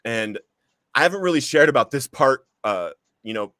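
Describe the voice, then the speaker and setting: A man's voice: medium pitch, lively intonation, moderate pace, bright, forceful tone, no room sound. Earnest man telling his story, dry sound. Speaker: podcast host. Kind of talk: personal recovery testimony.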